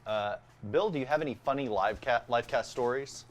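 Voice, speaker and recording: A man's voice: mid-range voice, a little fast. A man co-hosting a livestream, joking around and reading viewer comments aloud. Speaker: co-host. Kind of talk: casual livestream chat.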